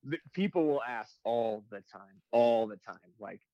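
A man in his twenties, a firefighter and comedy video creator, chatting casually and breaking into loud quoted voices as he tells stories. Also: mid-range voice, a little slow, no room sound, dull audio. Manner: animated storytelling, jumps into loud quoted voices. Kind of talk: casual podcast chat.

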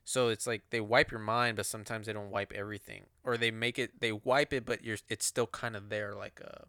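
Guy on a podcast, lowish voice but bright n crisp, swears a lot, just riffing. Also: little pitch movement, brisk, dry recording, clean studio sound. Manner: swears freely, loose rambling speculation. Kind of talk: casual chat.

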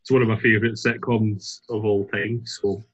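A man's voice: lowish voice, little pitch movement, moderate pace, fairly bright tone, breathy edge, highs cut off. A Scottish man taking part in a casual quiz, rambling and hesitant as he answers. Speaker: quiz contestant. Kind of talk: casual chat.

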